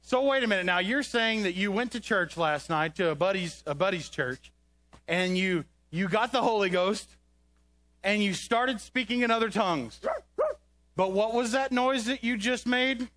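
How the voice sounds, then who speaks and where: A man's voice: high voice, moderate pace, fairly bright tone. A man presenting a comedic kids' skit on a church stage, talking into a handheld microphone to a puppet dog in an exasperated, coaxing way. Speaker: children's ministry presenter.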